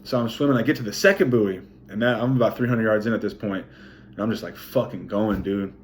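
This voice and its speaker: A young man with a somewhat low voice tells a race story to camera from his kitchen. He swears freely and acts out splashes and pops with his mouth as he goes. It is a casual, animated vlog recap. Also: a little fast, slight background noise. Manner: profane, animated storytelling with sound effects. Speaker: vlogger, triathlete. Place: home kitchen, indoors.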